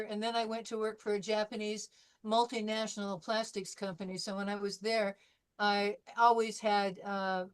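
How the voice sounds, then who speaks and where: An older woman from California, with a clear, resonant mid-range voice, wraps up a French class. She chats through anecdotes, using fillers and restarting her sentences.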